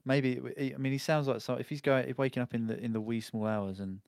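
A man's voice: medium pitch, fairly even intonation, fast talker, creaky, darkish tone. A British man co-hosting a podcast, talking in a rambling, laid-back way with many restarts. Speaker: podcast co-host. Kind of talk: casual chat.

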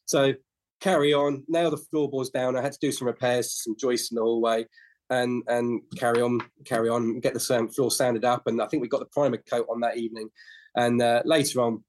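A man's voice: medium pitch, fairly even intonation, brisk, a little mellow. Man telling rambling trade stories. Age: 50s to 60s. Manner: rambling anecdotal storyteller with frequent restarts. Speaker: podcast guest, flooring business owner. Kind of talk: casual interview storytelling.

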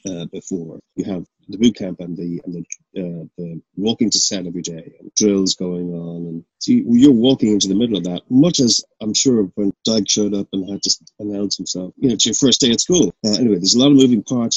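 A man's voice: lowish voice, fairly quick, breathy edge, no room sound, lo-fi sound. A man on a panel speaking earnestly and reflectively, with many fillers. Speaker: actor on a panel. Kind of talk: panel discussion.

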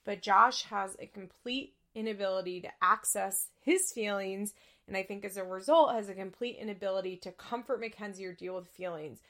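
Young woman with vocal fry, chatty. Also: mid-range voice, a bit bright. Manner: candid, chatty, swears freely. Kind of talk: casual chat recapping a reality show.

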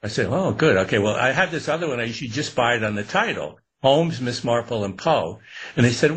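Older guy, husky voice, chatting loose and rambly in an interview, laughs a lot. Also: mid-range voice, a little fast. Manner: relaxed, rambling, laughs often. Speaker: author guest. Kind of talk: casual interview talk.

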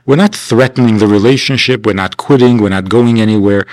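A man's voice: lowish voice, a little fast, hardly any pauses, no echo, rough recording. A man teaching a class at a winter camp in a conversational lecture style, asking rhetorical questions and acting out the people he quotes. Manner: animated, acts out the people he quotes.

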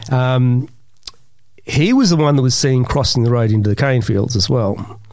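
An Australian man speaking as an interview guest, spinning long stories in a lively way. He acts out the voices of the people he describes. The sound is dry and close, with no room echo. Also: medium pitch, moderate pace. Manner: animated storyteller, acts out voices in his anecdotes. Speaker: guest, yowie researcher. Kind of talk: casual storytelling interview.

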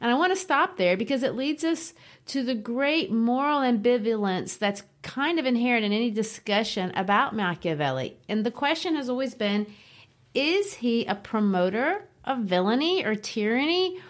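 A woman's voice: a little high, expressive, normal speed. A woman co-hosting a book podcast in a conversational discussion style, laughing easily and posing questions to her co-host.

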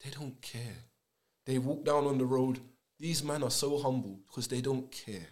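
A young man, talking in an animated, slangy, emphatic way in casual podcast chat. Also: mid-range voice, a little slow.

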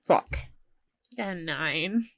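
A woman's voice: lowish voice, extremely slow, dry recording. A woman playing in a tabletop game, narrating her character's actions animatedly. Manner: animated, laughs often. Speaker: player. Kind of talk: tabletop role-play.

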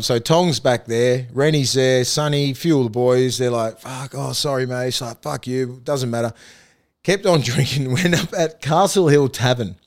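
Swearing Australian bloke telling stories. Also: male voice, medium pitch. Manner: profane, laughing, rambling anecdotes. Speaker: former rugby league player, guest. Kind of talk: casual storytelling in a podcast chat.

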